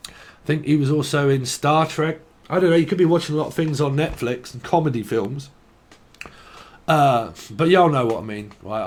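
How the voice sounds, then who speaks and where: A man giving a tarot reading, rambling stream-of-consciousness style, swearing freely and laughing at himself. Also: medium pitch. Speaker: tarot reader.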